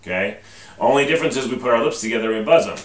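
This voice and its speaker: Rapid-fire and lively in intonation, a medium-pitched male band teacher still takes a patient, step-by-step approach to teaching trumpet, asking "okay?" after each step. The instructional recording has a distant mic, echo, and faint noise.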